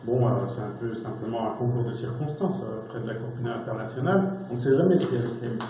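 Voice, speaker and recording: A man, a lawyer, speaking hesitantly with many pauses at a press conference. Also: medium pitch, mellow, a little hiss or hum. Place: conference hall. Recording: very echoey conference room.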